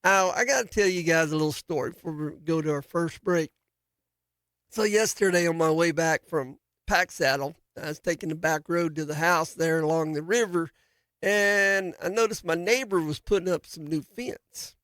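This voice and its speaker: A man's voice: fairly high pitch, moderate pace, fairly bright tone, clean tone, no room sound. A man hosting a daily farm radio show, talking casually in a folksy, rambling way with many fillers and restarts. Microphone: studio microphone.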